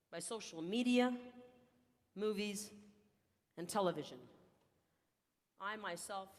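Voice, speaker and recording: An older woman from South Texas giving a humorous contest speech, telling her story playfully with punchlines and pauses. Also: on the low side, big-room sound. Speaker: contest speaker.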